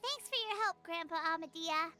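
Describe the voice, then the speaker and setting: A woman voicing a tiny, chirpy, girlish fairy companion in a video game, talking in a bright, lively chatter. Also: extremely high pitch, moderate pace, loud music behind the voice. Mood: puzzled.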